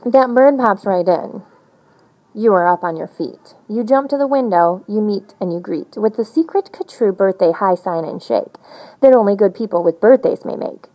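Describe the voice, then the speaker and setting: Woman reader, sing-song rhymes, lively swooping pitch, storybook read-aloud. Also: normal speed, rough recording. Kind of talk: reading a rhyming picture book aloud.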